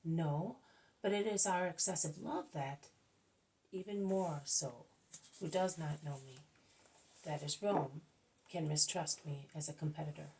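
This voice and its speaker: A woman voicing a gentle male spiritual teacher who explains in a measured, patient way. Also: sits low, rough recording. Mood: calm.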